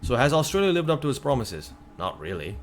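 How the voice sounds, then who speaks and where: A man from North America streaming at his computer, reading a news article aloud and reacting in a casual, exasperated way, sometimes breaking into loud remarks. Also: mid-range voice, sing-song, a little fast, faint music behind. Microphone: computer desk mic.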